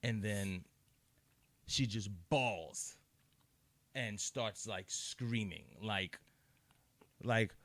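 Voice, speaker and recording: A man's voice: lowish voice, drawn-out words, pauses often, fairly bright tone, no echo. A man co-hosting a casual podcast, telling personal stories frankly and with a lot of profanity. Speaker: podcast co-host.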